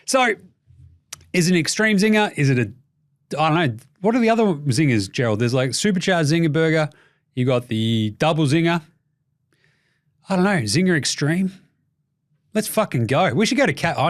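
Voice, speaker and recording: An Australian man hosts a basketball show in loose, rambling chat. His voice sits a little high for a man, and he jokes and swears constantly. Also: lively intonation, normal speed. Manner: jokey, profane, rambling. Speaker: basketball podcast host. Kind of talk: casual sports chat.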